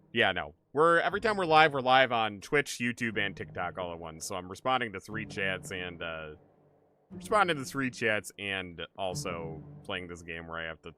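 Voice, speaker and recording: Joking male game streamer. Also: deep voice. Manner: joking, teasing chat, thinking aloud. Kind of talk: casual gaming stream chat.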